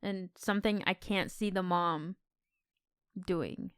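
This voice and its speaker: A woman's voice: lowish voice, slow, a bit bright, clear, resonant tone, dry recording. A woman co-hosting a podcast, talking casually and expressively about a film, with some casual swearing. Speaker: podcast co-host.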